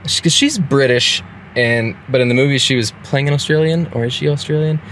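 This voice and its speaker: A man's voice: mid-range voice, expressive, a little fast, fairly bright tone, slight background noise. A man co-hosting a casual podcast movie review, talking in a rambling way with restarts and laughs. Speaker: podcast co-host.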